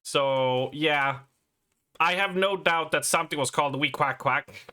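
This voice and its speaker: A man's voice: fairly high pitch, unhurried, bright, forceful tone. A man, chatting casually and rambling on a live stream, laughing and swearing as he goes. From Sweden.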